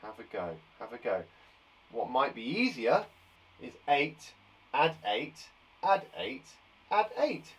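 A man's voice: medium pitch, very animated, slow, long pauses, a bit bright, rough recording. A man from England teaching a live online maths lesson to young children, counting aloud and encouraging them with chatty asides. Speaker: primary school teacher.

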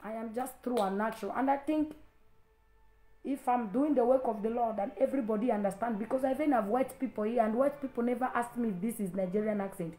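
A woman's voice: on the high side, quick pace, warm tone. Scolding woman pastor with an African accent. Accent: African English. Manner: confrontational, scolding with rhetorical questions. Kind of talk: preaching to a live stream.

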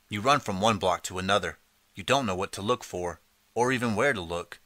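A man reading a second-person interactive audiobook in steady, measured narration. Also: fairly low pitch, no echo.

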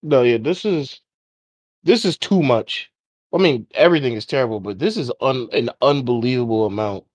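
A man's voice: mid-range voice, animated, moderate pace, dry recording. Man reacting in disbelief on a podcast. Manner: reacting with short disbelieving interjections. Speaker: podcast co-host. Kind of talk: casual chat.

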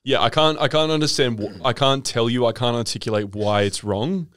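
A man's voice: mid-range voice, brisk, fairly bright tone, no room sound, clean studio sound. A man from Brisbane with an Australian accent, co-hosting a podcast in wry, rambling casual chat. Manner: wry, rambling, self-interrupting. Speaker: podcast co-host.

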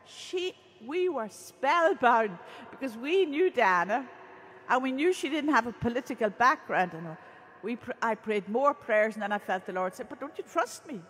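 A woman's voice: a little high, expressive, moderate pace, a bit bright, breathy edge. A woman religious sister, giving an earnest storytelling sermon. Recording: reverberant hall.

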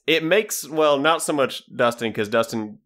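A man's voice: medium pitch, measured pace, fairly bright tone. A young man co-hosting a movie podcast, joking around and swearing casually. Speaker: podcast co-host. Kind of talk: casual chat.

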